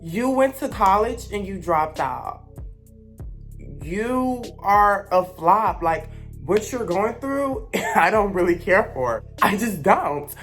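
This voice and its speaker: A woman's voice: medium pitch, animated, slow, fairly bright tone, faint music behind. A young woman, telling a blunt, gossipy storytime rant as a vlogger.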